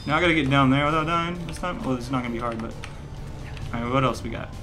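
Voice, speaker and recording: A man's voice: mid-range voice, quick pace. A man giving rambling, joking let's play commentary, breaking into mock rage and laughter. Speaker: gaming commentator. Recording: game music playing behind.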